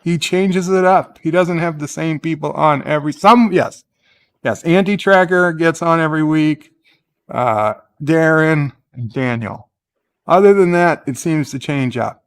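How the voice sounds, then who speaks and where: A man's voice: a little high, unhurried, clear, resonant tone, no room sound. A man hosting a casual live-stream chat, rambling through a point and reading viewer comments aloud. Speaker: host.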